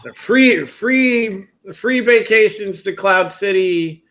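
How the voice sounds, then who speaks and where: Blunt, higher-voiced cursing man. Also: slow, fairly bright tone. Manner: blunt, profane, agreeing. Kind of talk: heated live review chat.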